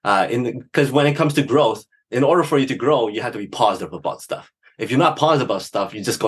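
Upbeat middle-aged male guest, husky tone, mid pitch, lively storyteller. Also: fast, hardly any pauses. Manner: upbeat, animated storytelling with laughs. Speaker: guest, business strategist. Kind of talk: casual interview talk.

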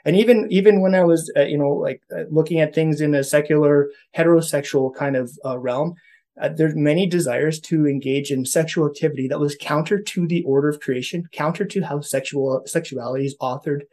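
A man's voice: on the high side, steady tone, a little fast, warm tone. A man from Canada talking earnestly in a casual conversation, thinking aloud and restarting his sentences. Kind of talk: casual podcast chat on faith.

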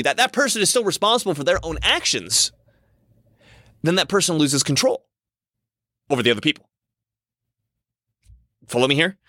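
A man's voice: fairly high pitch, lively intonation, normal speed, long pauses, pushed and bright, dry recording, studio quality. A man giving a casual, rambling monologue as a commentator, often repeating himself and restarting his sentences.

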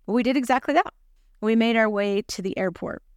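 Woman host, gospel lesson; chatty, self-deprecating storyteller, smooth voice, dry close sound. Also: a little high, fairly quick, no room sound. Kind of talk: scripture lesson with personal storytelling.

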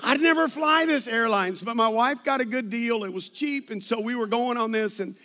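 High-voiced pastor, animated storyteller. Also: male voice, normal speed. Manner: animated storytelling, many restarts and asides. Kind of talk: sermon with personal stories.

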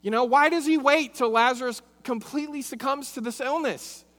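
A man's voice: very high-pitched, fairly quick, sharp tone. A man preaching a sermon. He reads scripture aloud, then talks it through expressively, asking rhetorical questions and repeating phrases. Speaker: pastor. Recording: long hall reverb.

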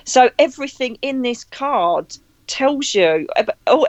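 Animated woman telling stories. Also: high-pitched, measured pace, no room sound, lo-fi sound. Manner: expressive storyteller, acts out quotes, laughs often. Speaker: psychic medium guest. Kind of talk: animated casual chat.

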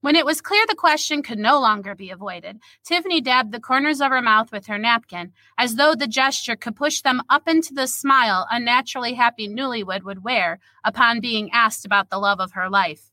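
Woman, writer, reading and chatting, modest, bright, fairly high, dry close sound. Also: normal speed, no room sound. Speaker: writer sharing a sprint. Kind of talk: reading her story, then casual chat.

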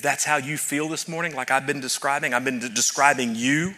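A man's voice: mid-range voice, fairly even intonation, a little fast, hardly any pauses, pushed and bright. A man preaching a sermon as pastor, telling a story to his congregation and building to fervent emphasis. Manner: addresses audience directly.

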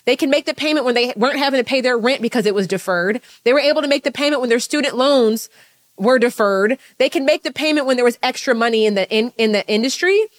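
A woman business coach giving a live talk to an audience, fast and emphatic, blunt, with casual swearing. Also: fairly high pitch.

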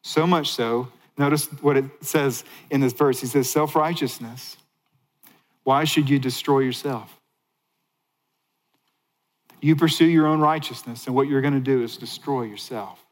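A man preaching a sermon as a pastor, animated, rising to excited highs and dropping to hushed lows. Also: a little slow, pauses often, long reverb tail, low-quality recording.

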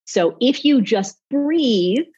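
A woman speaking as a public speaking coach in an off-the-cuff interview, animated and demonstrating with her voice. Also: fairly high pitch, slow pace, slightly rough, lo-fi sound.

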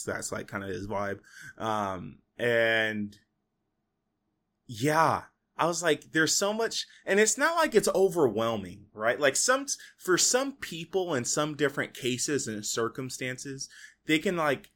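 A man's voice: medium pitch, pushed and bright. A young man hosting a solo podcast, talking in a casual, rambling way full of "like" and "you know". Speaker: podcast host.

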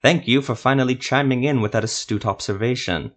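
A man's voice: mid-range voice, voice pushed up, lightly acted. A man voicing Ethramel, an irritable, sarcastic sorcerer who snaps and curses. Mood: snapping. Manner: snapping, sarcastic, quick to curse.

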